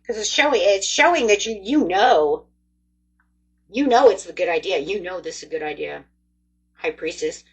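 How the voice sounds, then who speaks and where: A woman giving a casual tarot reading, chatty and excitable, talking straight to her viewers. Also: mid-range voice, moderate pace, long pauses, breathy edge, poor audio. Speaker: tarot reader.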